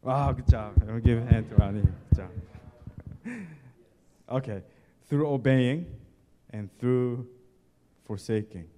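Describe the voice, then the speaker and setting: Slow, warm-voiced pastor preaching in a hall. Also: male voice, medium pitch, expressive, a little hiss or hum. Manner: emphatic, repeating key words and lists; talks directly to the congregation. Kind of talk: sermon. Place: church sanctuary. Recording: long church hall reverb.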